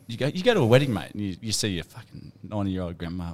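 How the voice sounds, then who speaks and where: A man's voice: sits low, racing. An Australian man on a podcast with his mates, telling a long joke as if it were his own story, acting out the other voices and swearing freely. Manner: animated, acts out dialogue in a funny story, swears. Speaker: podcast co-host.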